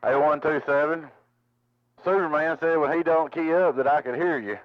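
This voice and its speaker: A man's voice: on the high side, steady tone, normal speed, no room sound, lo-fi sound. A man at his home radio station, chatting on CB and repeating call signs and handles in radio lingo. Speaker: CB radio operator.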